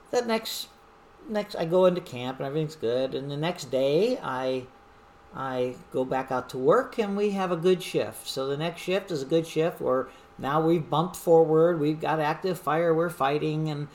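Animated middle-aged woman telling a story. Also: deep voice, a little hiss or hum. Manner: animated storyteller who acts out shouted quotes. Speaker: wildland fire division supervisor. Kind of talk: storytelling monologue.

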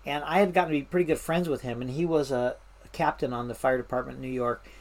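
A woman recounts her firefighting days in an easygoing, chatty way. She stops and restarts often, fills pauses with ums and you-knows, and slips into the voices of the people she quotes. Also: a bass voice. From Washington State. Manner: animated anecdotes with fillers and restarts, mimics voices. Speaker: interview guest, firefighter. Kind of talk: casual storytelling.

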